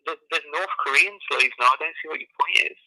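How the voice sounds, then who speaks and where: A man's voice: on the high side, quick pace, sharp tone. A man calling into a live show, pressing his point and repeating the same question over a phone line. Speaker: caller. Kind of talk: debating on a call-in show.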